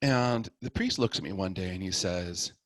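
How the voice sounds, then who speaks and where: A middle-aged man, a guest on the show, casually telling the story of his conversion with animated delivery, acting out each person in it. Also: sits low, moderate pace, no room sound.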